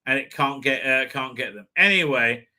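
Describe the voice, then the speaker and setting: Brash, bright-voiced man ranting profanely. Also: medium pitch, normal speed. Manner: profane, digressive, exasperated rants with sudden shouts. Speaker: TV episode reviewer. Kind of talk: rambling off-the-cuff review monologue.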